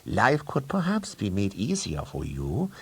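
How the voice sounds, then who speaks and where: Silky sinister count, deep husky guy doing him, slides up and down a lot. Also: huge pitch swings, measured pace, heavily acted. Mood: silky bribing. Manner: smooth, persuasive, wheedling. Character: silky sinister middle-aged male count.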